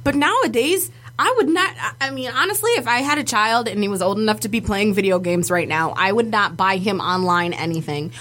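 A woman's voice: mid-range voice, a little fast, few pauses, fairly bright tone. A woman co-hosting a podcast, chatting casually and animatedly, swearing freely and laughing often. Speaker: podcast co-host. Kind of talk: casual chat.

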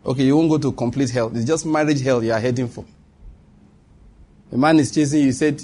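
A man's voice: mid-range voice, fairly quick, long pauses, warm tone. A man preaching a sermon, earnest, teasing and exhorting.

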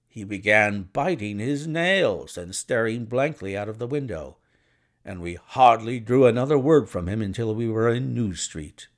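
A man narrating a classic short story in an expressive, scripted reading. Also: lowish voice, normal speed. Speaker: audiobook narrator.

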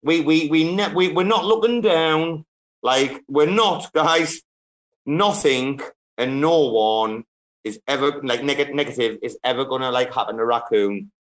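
A male host chatting loosely with his guests and peppering his speech with swearing and rough jokes. His voice sits at an ordinary middle pitch. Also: a little slow, a bit bright. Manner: profane, joking banter. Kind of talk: casual chat.

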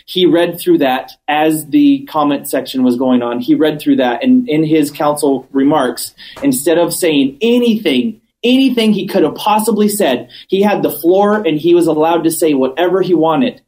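A man chatting as a podcast guest, telling stories with animated, acted-out quotes and emphatic repetition. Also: a little high, normal speed, hardly any pauses, low-quality recording. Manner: animated storyteller, acts out quotes; emphatic, repeats points. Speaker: cannabis business owner, guest. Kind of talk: casual interview chat.

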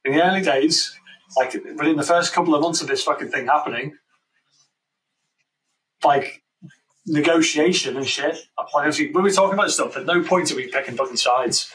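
A man's voice: on the high side, moderate pace, long pauses, a bit bright, recorded from a distance, poor audio. Blunt sweary man, a bit off-mic. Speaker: podcast co-host. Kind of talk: casual current-affairs discussion.

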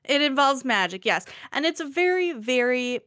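A woman's voice: high voice, sing-song, moderate pace, fairly bright tone, clean tone, no room sound, clean studio sound. A woman co-hosting a book podcast, chatting animatedly with laughs and casual swearing. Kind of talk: casual book-club chat.

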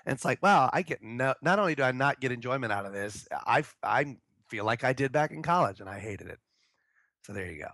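A man's voice: medium pitch, expressive, fairly quick, a bit bright, no echo. A man co-hosting a comedy podcast, telling a story in a loose, profane way and acting out the people in it. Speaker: podcast co-host.

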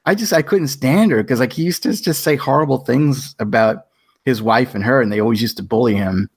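A man's voice: mid-range voice, fairly quick, slightly rough, no room sound, studio quality. A man hosting a podcast in casual chat, telling long rambling stories and acting out quoted back-and-forths. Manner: rambling storyteller who acts out quoted exchanges. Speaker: podcast host.

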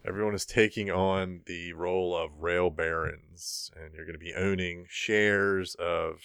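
Low-voiced, relaxed board game podcaster. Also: male voice, unhurried, creaky, clear, resonant tone, dry recording, studio quality. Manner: relaxed, rambling, many ums. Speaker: podcast host presenting board game news. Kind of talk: casual podcast chat.

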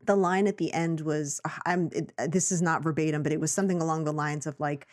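Chatty animated woman from New York. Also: low-pitched. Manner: chatty, animated, quick asides and quoted reactions. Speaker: film review podcast co-host. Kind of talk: casual chat.

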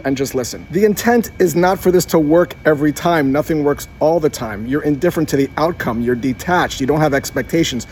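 A man's voice: a little high, a little mellow, a little hiss or hum. A man coaching listeners on cold calling in an upbeat, direct instructional monologue. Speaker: sales coach.

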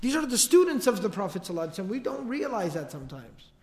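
A man telling a historical story as a lecture, in a casual, lively way with slangy asides. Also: sits high, rapid-fire. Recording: long hall reverb.

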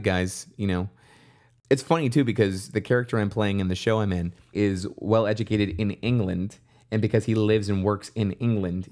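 A man's voice: lowish voice, a little mellow. A man co-hosting a history podcast, chatting casually and jokily with frequent restarts. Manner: jokey, rambling with restarts. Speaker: podcast co-host.

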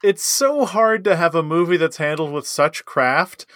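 A man's voice: on the high side, measured pace, fairly bright tone, no echo, clean studio sound. A man co-hosting a casual movie review chat, enthusiastic and emphatic, laughing often. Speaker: podcast co-host.

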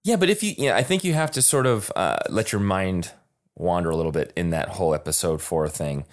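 Man, podcast co-host, very low voice, eager, halting music chat. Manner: animated, halting, restarts often. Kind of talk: casual chat.

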